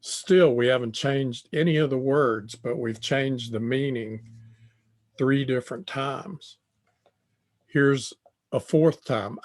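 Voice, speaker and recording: An older man giving a tutorial lecture on communication, speaking deliberately and repeating phrases as he thinks. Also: medium pitch. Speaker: tutorial presenter.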